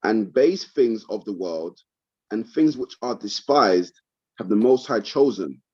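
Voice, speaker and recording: A man reading scripture aloud slowly in a class. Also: fairly low pitch, lively intonation, a little mellow, breathy edge. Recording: muffled, dull sound.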